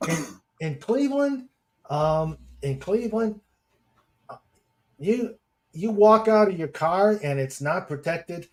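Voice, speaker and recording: Slow-talking, higher-voiced male podcast host. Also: animated, slight background noise. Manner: chatty, chuckling, with many fillers. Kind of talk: casual live-stream chat, reading viewer comments.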